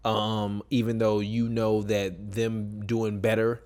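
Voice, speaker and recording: A man's voice: lowish voice, slow. Rambling man in casual sports talk. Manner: animated, rambling, frequent self-corrections. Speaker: podcast co-host.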